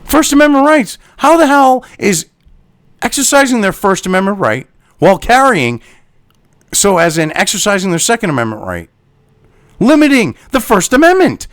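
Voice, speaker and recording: A man's voice: high voice, very animated, moderate pace, a bit bright, no room sound, studio quality. A man hosting a political commentary show, reading an article aloud and ranting at it with profane, sarcastic insults. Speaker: commentary host. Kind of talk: angry political rant reacting to an article.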